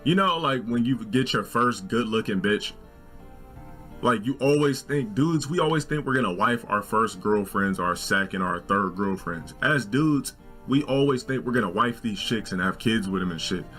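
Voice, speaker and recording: A man in his forties telling a long personal story in a casual, profane, animated way, with faint music. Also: moderate pace. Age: 40s. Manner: animated, profane, jumps into shrill quoted voices. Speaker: storyteller in a video.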